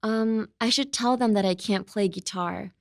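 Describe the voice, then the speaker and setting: A woman's voice: medium pitch, normal speed, creaky, no echo, clean studio sound, lightly acted. A woman reading the lines of a flustered teenage girl guitarist who stammers.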